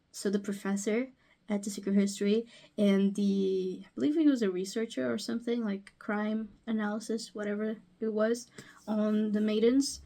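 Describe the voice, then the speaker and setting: A woman's voice: medium pitch, a little mellow. A woman from Portugal chatting casually about her reading in a book vlog, self-deprecating and laughing between points. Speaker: book vlogger.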